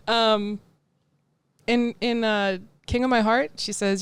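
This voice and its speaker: A woman's voice: on the high side, extremely slow, long pauses, clear, resonant tone, no room sound. Giggly chatty American woman, dry sound. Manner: giggly, chatty, laughs often. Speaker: podcast co-host. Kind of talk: casual chat.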